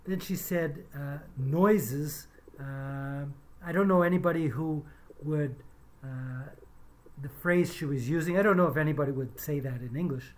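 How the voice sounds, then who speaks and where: A woman who has taught English, talking through pronunciation mistakes in a measured, deliberate way with many hesitant fillers. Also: sits low. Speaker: English teacher reviewing pronunciation. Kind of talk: casual spoken commentary.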